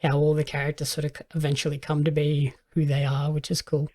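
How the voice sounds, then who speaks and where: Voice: mid-range voice, monotone, quick pace, warm tone. A podcast host chatting casually, giving short agreeing replies between longer thoughts. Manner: brief agreeing replies, easygoing.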